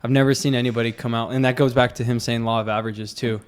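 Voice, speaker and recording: Animated male podcast host, smooth voice. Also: mid-range voice, fast. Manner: animated storyteller, acts out quotes loudly. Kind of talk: casual podcast chat.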